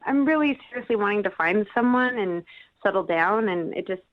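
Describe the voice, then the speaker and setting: A woman's voice: mid-range voice, animated, brisk, no room sound. A woman on a phone call to a radio show, talking hesitantly with restarts. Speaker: caller on a radio phone segment. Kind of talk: phone conversation. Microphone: telephone. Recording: tinny phone line.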